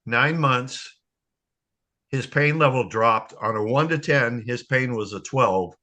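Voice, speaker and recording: An older man telling a personal testimony on a video call, halting and choked with emotion. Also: fairly low pitch, sharp tone. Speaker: guest sharing a testimony.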